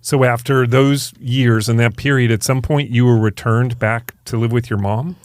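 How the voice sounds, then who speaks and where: A man's voice: mid-range voice, fairly even intonation, normal speed, no room sound. A male podcast host with a mid-range voice draws out his guest with short, prompting questions. The recording is dry and close. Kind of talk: interviewing.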